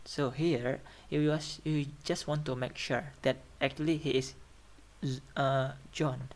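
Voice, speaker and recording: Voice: medium pitch, flat delivery, slow, darkish tone. Hesitant presenter with tag questions. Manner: checks understanding with tag questions like "right?"; hesitant, with restarts and fillers. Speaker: presenter explaining phonetics. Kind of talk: informal classroom explanation.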